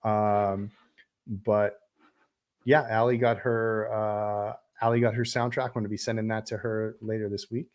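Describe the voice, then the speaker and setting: A middle-aged man with a lowish voice hosts a casual livestream and answers viewer questions as they come in. He rambles with a steady stream of ums and restarts, trailing off and picking back up. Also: measured pace. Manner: rambling, many fillers and restarts. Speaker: film director hosting a livestream Q&A.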